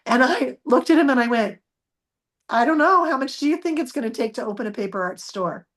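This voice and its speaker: A woman telling a personal story as a guest, acting out the dialogue with lively changes of voice. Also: sits high, a little fast. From United States. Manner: animated, acts out quoted dialogue.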